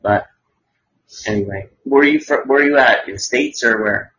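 A man's voice: mid-range voice, normal speed, bright, forceful tone. A man hosts a loose podcast chat in a mid-range voice, rambling and sarcastic with plenty of swearing. The audio is dull and lo-fi. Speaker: podcast host. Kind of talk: casual crude chat.

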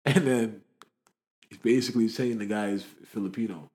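A young man from the area, telling stories in a slangy, animated way during a casual chat. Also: on the low side, moderate pace. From Toronto area, Canada.

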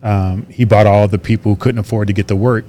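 A man's voice: on the low side, fairly quick, a little hiss or hum. A man and retired officer in casual conversation, telling stories and acting out dialogue with laughs. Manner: animated storyteller who acts out dialogue with laughs. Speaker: retired officer and trainer reminiscing.

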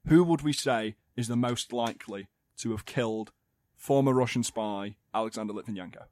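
A man's voice: medium pitch, normal speed, darkish tone. A man hosting a comedic chat, leading the segments in a playful, teasing way. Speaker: podcast host.

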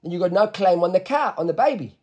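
Man, high register, Talmud teacher; patient step-by-step explainer. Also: lively intonation, fast talker, darkish tone, dull audio. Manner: explains step by step, mixes Aramaic terms, asks "right?". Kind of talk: Talmud lesson.

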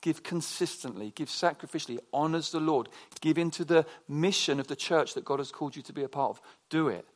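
Chatty preacher, slightly high voice. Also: male voice, brisk, hardly any pauses. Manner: chatty, animated storytelling with frequent restarts. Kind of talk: conversational sermon with personal stories.

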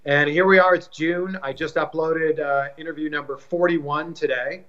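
An upbeat, friendly man from Canada chats as an interview guest. His voice sits a little high for a man. The sound is dull and lo-fi, like a remote call. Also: steady tone, normal speed, a bit bright. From Canada, suburb of Toronto. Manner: upbeat, self-promoting, friendly. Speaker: broadcaster and YouTube interviewer, guest. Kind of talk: casual interview chat.

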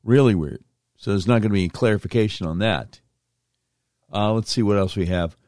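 Man, talk radio host, lowish voice, dry studio sound, incredulous, emphatic. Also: a little fast, darkish tone, no echo.

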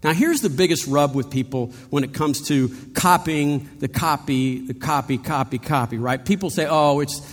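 A pastor with a fairly high voice speaks at normal speed with few pauses, delivering a conversational sermon full of rhetorical questions and playful asides. The long reverb of a large hall surrounds his voice.

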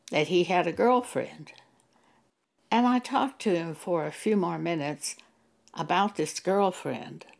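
Slow, gravelly-voiced woman preaching. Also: lowish voice, darkish tone. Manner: earnest, measured, scripture-quoting. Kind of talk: sermon-style testimony.

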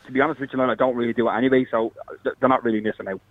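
A man's voice: medium pitch, steady tone, very fast, no echo. A man with an Irish accent calling in to a radio show, joking and colloquial, heard over a phone line. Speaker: radio caller. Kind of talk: call-in radio chat.

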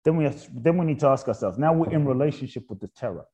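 A man talking as an interview guest in a reflective spiritual conversation. He asks repeated rhetorical questions and drops soft and slow on key points. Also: mid-range voice, animated, lo-fi sound.

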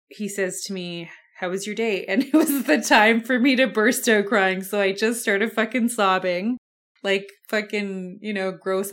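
A woman's voice: mid-range voice, fairly bright tone. A young woman talks into her podcast mic as she tells her own story. She is candid and loose, drops in fillers and now and then a curse, and speaks in a middle-range voice. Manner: candid and conversational, with frequent swearing and fillers. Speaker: podcast host. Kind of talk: personal storytelling monologue.

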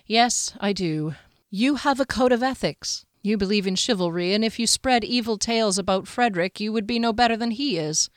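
A woman's voice: mid-range voice, normal speed, dry recording, lightly acted. Storybook heroine: blunt, spirited young woman warrior, read by a woman, dry booth sound. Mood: thoughtful. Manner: blunt and exasperated.

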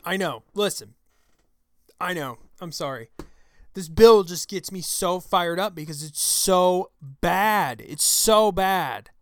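A man hosting his own talk show, delivering an angry, profane political rant into a close microphone, with shouted outbursts. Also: high voice, slow, no echo. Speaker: show host. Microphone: close studio mic.

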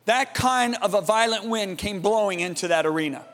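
A man preaching a sermon, telling a story dramatically and dropping to a hushed, awed tone. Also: high-pitched, moderate pace, big-room sound. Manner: dramatic, swings from loud emphasis to hushed awe.

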